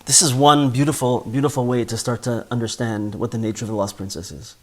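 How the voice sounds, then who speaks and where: A man's voice: medium pitch, steady tone, a little fast. A man giving a spoken Torah class in an earnest way, often repeating words as he builds a point. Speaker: Torah teacher.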